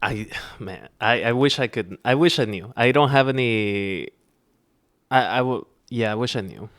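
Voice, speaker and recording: A man's voice: mid-range voice, moderate pace, fairly bright tone, dry recording, studio quality. A young man hosting a podcast in casual chat, rambling with lots of fillers and restarts. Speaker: podcast host.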